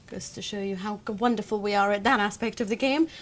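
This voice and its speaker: A woman's voice: mid-range voice, slight background noise. A woman hosting a football show, leading a casual chat with wry asides. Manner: chatty, wry, quick asides. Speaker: host.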